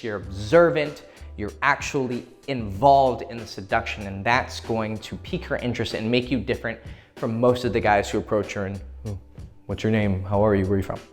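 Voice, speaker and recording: A man coaching on dating in a casual, profane way, acting out short quoted exchanges as he explains. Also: medium pitch. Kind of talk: instructional talk to camera.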